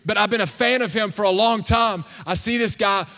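A man in his thirties preaching in church, telling a funny story in an animated, excitable, self-mocking way. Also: high voice, fairly quick. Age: 30s. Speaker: pastor. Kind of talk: humorous storytelling sermon. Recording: long hall reverb.

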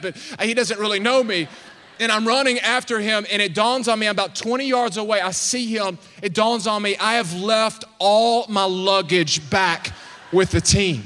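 A man in his thirties preaching in church, telling a funny story in an animated, excitable, self-mocking way. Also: high-pitched. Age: 30s. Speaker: pastor. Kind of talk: humorous storytelling sermon. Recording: long hall reverb.

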